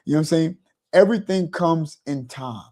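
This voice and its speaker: A man's voice: on the high side, normal speed, mellow. A man hosting a motivational talk, rambling and repeating "you know" as he explains. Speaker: host.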